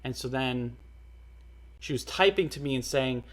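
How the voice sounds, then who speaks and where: A young man telling a personal story in a casual, earnest way, halting often with fillers and restarts. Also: medium pitch. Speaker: storyteller vlogger.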